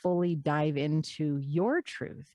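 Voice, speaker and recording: A woman's voice: low-pitched, mellow, dry recording. A woman guest on an interview podcast, talking earnestly and encouragingly, stretching out key words. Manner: earnest, encouraging, drawn-out emphasis. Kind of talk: conversational interview.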